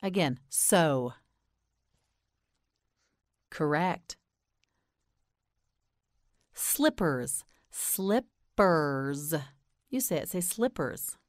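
Very slow, patient American woman teacher. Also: lowish voice, big pitch swings, no echo, studio quality. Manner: patient, encouraging, repeats each word clearly. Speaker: English pronunciation teacher. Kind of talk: slow scripted language lesson.

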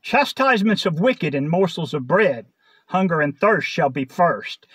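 A man's voice: on the high side, very animated, measured pace, fairly bright tone. A man delivering a prophetic word with solemn, chanting repetition. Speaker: prophetic speaker.

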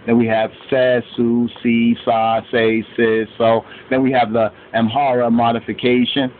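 Man slowly chanting alphabet syllables, tinny. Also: medium pitch, flat delivery. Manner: slow, chanting drills of syllables with asides. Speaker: language teacher. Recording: tinny lo-fi phone-like recording with faint hiss.

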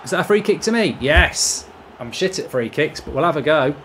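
A man giving excitable, sweary live commentary while he plays a football video game. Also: a little high, brisk, slight background noise. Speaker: gaming streamer.

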